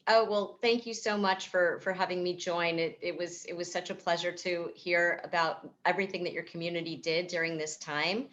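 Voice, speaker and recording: A woman's voice: lowish voice, steady tone, moderate pace, few pauses, fairly bright tone, muffled recording. A woman psychotherapist speaking at a virtual event over a video call, answering questions in a thoughtful, explanatory way with frequent fillers and restarts. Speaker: psychotherapist and author.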